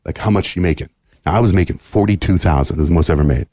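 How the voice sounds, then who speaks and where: Very fast and deep-voiced, this middle-aged US radio host tells a long story casually for a podcast interview. He animatedly acts out the characters' dialogue, and the recording is studio quality with no echo.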